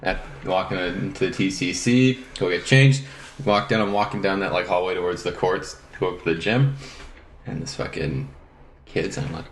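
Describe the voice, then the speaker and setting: Guy telling a story, low-ish voice, swears a lot, echoey room w background noise. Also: normal speed. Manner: animated storyteller, swears freely, laughs through the punchline. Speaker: podcast guest. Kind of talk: casual storytelling chat. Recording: roomy with clear background noise.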